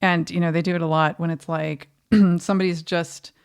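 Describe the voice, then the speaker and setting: A woman's voice: fairly low pitch, level tone, moderate pace, smooth. A woman co-hosting a film review podcast, talking casually and thoughtfully with frequent fillers. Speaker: podcast co-host.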